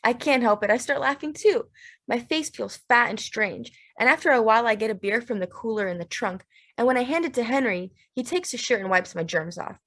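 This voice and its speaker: A woman narrating a literary audiobook in a steady, measured, plain way. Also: on the high side.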